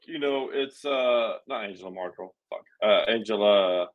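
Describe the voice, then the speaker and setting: A young adult man hosting a podcast, telling stories in an animated, indignant way. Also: lowish voice, normal speed, highs cut off. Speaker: podcast host. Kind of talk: casual political chat.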